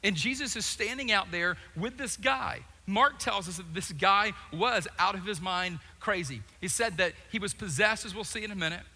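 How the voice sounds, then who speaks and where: Animated male preacher in a reverberant hall. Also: high-pitched, normal speed, few pauses. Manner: animated storytelling with jokes and acted-out voices. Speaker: pastor. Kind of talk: sermon.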